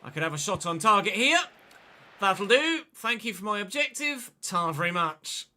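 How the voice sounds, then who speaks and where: A man with a very bright, sharp-edged voice, pitched a little higher than most men. He streams a football video game live, talking through his own play in a chatty way and bursting into excitement at the near chances. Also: moderate pace. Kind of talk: live gameplay commentary.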